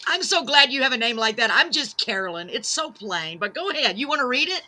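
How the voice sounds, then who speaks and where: A woman's voice: a little high, big pitch swings, brisk, hardly any pauses, sharp tone. A woman hosting a live-streamed talk show, reading out viewer comments in a gushing, bubbly, self-deprecating way.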